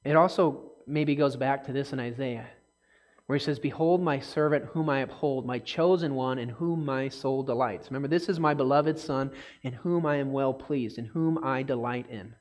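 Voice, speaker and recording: A man teaching a casual Bible study, talking conversationally and checking in often with listeners, and getting animated when reading scripture aloud. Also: mid-range voice, moderate pace.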